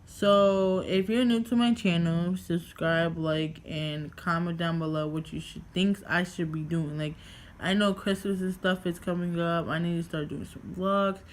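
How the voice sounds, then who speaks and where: A woman's voice: fairly low pitch, steady tone, measured pace. A young woman from New York vlogging casually at home, rambling through a story with lots of fillers and swearing.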